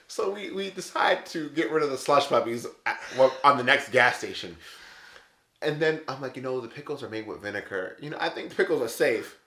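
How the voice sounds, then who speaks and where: A man vlogging, telling a story in a casual, animated way, laughing often and acting out what others said. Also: medium pitch, a little fast, noisy background. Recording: echoey room.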